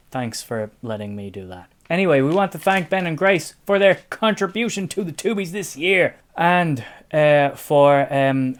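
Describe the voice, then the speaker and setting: A man co-hosting a casual home award show, playful and theatrical in his delivery. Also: fairly high pitch. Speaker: co-host.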